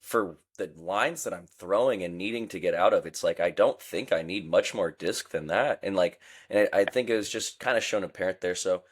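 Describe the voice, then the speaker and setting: Deep-voiced man thinking aloud. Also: fairly quick, hardly any pauses. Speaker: podcast co-host. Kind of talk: casual chat.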